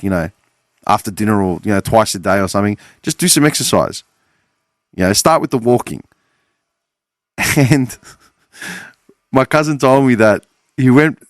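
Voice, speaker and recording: An Australian podcast host in his forties talks in a casual, meandering monologue, swearing plenty and correcting himself. His voice is mid-range, and the studio-quality recording has no room sound.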